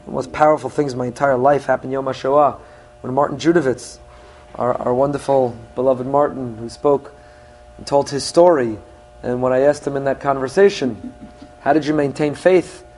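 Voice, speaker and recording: A man's voice: mid-range voice, steady tone, moderate pace, a little mellow. A middle-aged man who is a rabbi, giving an earnest teaching sermon and mixing Hebrew phrases into his English. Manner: earnest teaching, with rising emphasis on key points.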